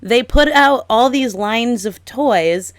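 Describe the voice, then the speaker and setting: A young woman co-hosting a casual podcast, talking in an animated, exasperated way with lots of "like". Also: on the high side, takes it slowly, no room sound. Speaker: podcast co-host. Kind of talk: casual chat.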